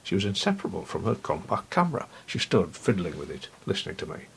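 Gravelly low-voiced male storyteller. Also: wildly swooping pitch, quick pace, slight background noise. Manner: wry, intimate, often drops to a whisper. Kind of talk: first-person literary narration.

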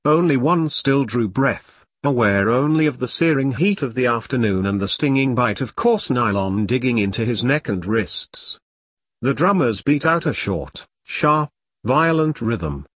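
Husky guy reading a story, wry and earthy, dry close sound. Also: medium pitch, expressive, unhurried, a bit bright, dry recording. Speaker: narrator. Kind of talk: scripted dark comic narration.

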